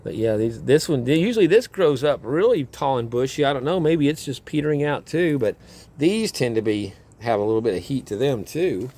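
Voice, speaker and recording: A man's voice: mid-range voice, expressive, a little fast, dark tone. Rambling, chuckling man in a backyard. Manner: rambling, chuckling, self-interrupting. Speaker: vlogger and home gardener. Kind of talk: casual outdoor vlog. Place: backyard garden, outdoors.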